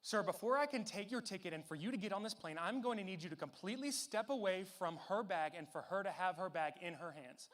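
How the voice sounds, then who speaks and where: A man's voice: high-pitched, animated, quick pace, few pauses. A young man imitating a stern, rigid male airline gate agent while telling a story. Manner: firm and officious, shouting at times.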